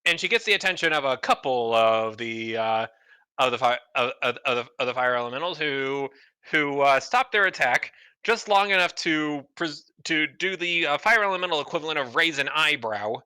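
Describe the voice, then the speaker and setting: Bright stammering game master man. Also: fairly high pitch, normal speed, clear, resonant tone, dry recording. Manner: stammering, repeats words while narrating. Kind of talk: narrating a tabletop game.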